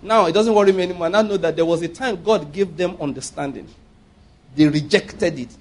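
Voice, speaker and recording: A man's voice: high voice, brisk, a little mellow. A man preaching a sermon, emphatic and often asking his listeners rhetorical questions.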